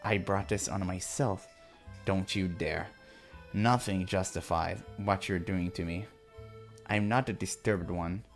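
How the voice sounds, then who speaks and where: This is a captive young man, tormented and pushed between rage and pleading, in a visual novel, voiced by a man reading aloud. His voice is fairly low and strained. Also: fairly even intonation, a little slow, faint music behind. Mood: defiant. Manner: pleading and angry.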